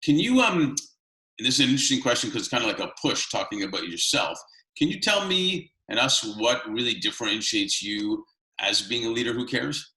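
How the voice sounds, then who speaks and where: A man's voice: mid-range voice, sing-song, brisk, pushed and bright. Chatty man interviewer, echoey room. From Canada. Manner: rambling, chatty, frequent fillers. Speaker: interview host. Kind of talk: casual interview.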